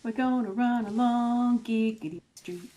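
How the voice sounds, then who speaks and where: A woman with a higher voice and a slow, drawn-out delivery. She teases her friends playfully in casual chat during a game. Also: warm tone. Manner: teasing, playful. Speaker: fellow player.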